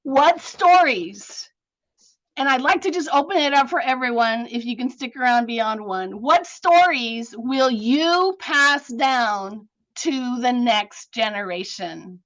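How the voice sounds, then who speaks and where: A woman's voice: a little high, animated, slow pace, a bit bright. A grandmother presenting to an online group over a video call, laughing often and mixing Spanish sayings into her talk. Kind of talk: online talk with a poem reading.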